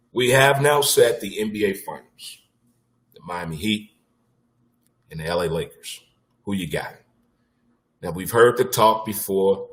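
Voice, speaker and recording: A man hosting a casual sports talk show, with a blunt, animated delivery, occasional swearing and punchlines he repeats for effect. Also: low-pitched.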